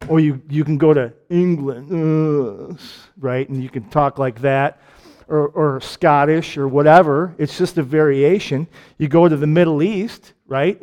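This preacher, a man with a Michigan accent and a voice on the high side, keeps his sermon conversational. Rhetorical questions come thick and fast alongside jokes, and his volume rises and falls sharply.

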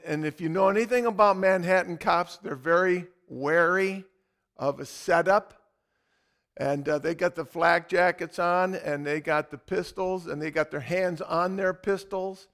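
A male pastor with a fairly high voice delivers a sermon. He tells his story in an animated, dramatic way before turning to scripture. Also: creaky.

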